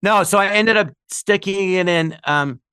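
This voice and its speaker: A middle-aged man co-hosting a podcast, telling animated stories and slipping into quick character voices. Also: high voice, smooth, dry recording, studio quality. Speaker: podcast co-host. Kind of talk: casual chat.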